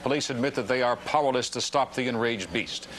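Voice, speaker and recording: A man voicing a TV news anchor who reads a disaster bulletin in a measured, formal way. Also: medium pitch, a bit bright, slight background noise, natural voice. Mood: grave. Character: grave male TV news anchor reporting a disaster. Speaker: newscaster in a ride show.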